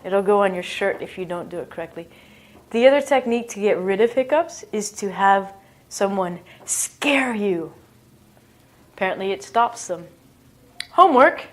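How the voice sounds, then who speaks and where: Playful slow-talking woman teaching English. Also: mid-range voice. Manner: playful, self-mocking, acts out bodily noises. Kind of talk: casual English lesson.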